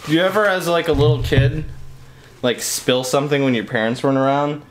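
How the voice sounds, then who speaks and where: A man's voice: a little high, steady tone, a little fast. A young man hosting a casual podcast, rambling through stories and laughing often at his own jokes. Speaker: podcast host. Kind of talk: casual chat.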